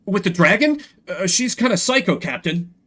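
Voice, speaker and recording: A man's voice: high-pitched, sing-song, normal speed, a bit bright, voice pushed up, exaggerated voice. A man voicing a nervous, dim young male stoat guard who stammers and hurries to please. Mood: flustered.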